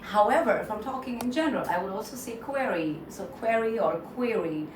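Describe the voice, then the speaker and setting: A woman with an Indian English accent teaching English pronunciation in a casual lesson, repeating words slowly and mixing in Hindi phrases. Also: mid-range voice, lively intonation. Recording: echoey room, distant mic, faint noise.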